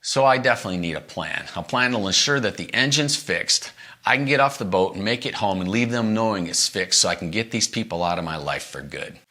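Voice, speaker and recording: A middle-aged man hosting a podcast, telling a story from the road in a casual way and acting out the quoted lines. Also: a little fast. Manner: animated, acts out quoted lines with big pitch jumps.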